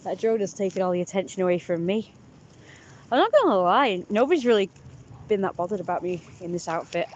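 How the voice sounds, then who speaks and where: A woman's voice: medium pitch, lively intonation, fairly quick, a little mellow, dull audio, slight background noise. Giggly woman vlogging outdoors. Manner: chatty, giggly, talks to the ducks. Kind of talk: casual vlog chat. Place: outdoors by a pond.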